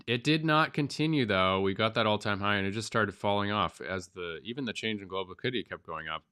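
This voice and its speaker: Brief: male host, head cold, nasal, low voice with a bright, clean tone, chatty chart walkthrough. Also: quick pace, smooth. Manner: thinks aloud, chatty and informal with frequent ums. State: has a cold. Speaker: crypto astrology channel host.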